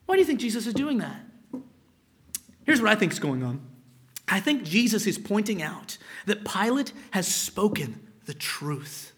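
Guy preaching a sermon, pretty high voice, leans on words, goes quiet n whispery for emphasis. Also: big pitch swings, measured pace. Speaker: pastor.

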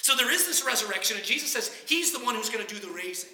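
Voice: medium pitch, animated, quick pace, sharp tone, roomy sound. A preacher delivering an expository sermon in a conversational teaching manner.

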